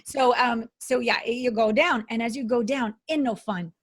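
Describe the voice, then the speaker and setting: A woman's voice: a little high, steady tone, normal speed. A middle-aged woman talking as a guest coach in a casual interview, emphatic and dramatic.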